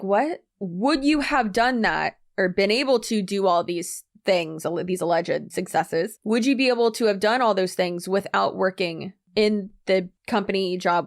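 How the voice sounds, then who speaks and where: A woman's voice: mid-range voice, animated, a little slow, vocal fry. A woman hosting a reaction commentary channel, sarcastic and exasperated as she picks apart clips.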